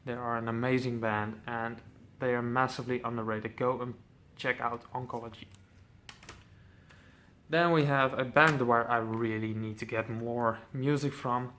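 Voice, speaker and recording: A man's voice: mid-range voice, fairly even intonation, normal speed, a bit bright, a little hiss or hum. A man casually presenting his metal CD collection, enthusiastic, swearing freely, with lots of ums.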